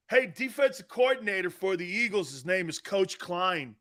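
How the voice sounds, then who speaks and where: Rowdy, laughing sports talk host. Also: male voice, high-pitched, big pitch swings, moderate pace, no echo, studio quality. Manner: loud, laughing, rowdy storyteller who swears. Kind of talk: animated sports talk storytelling.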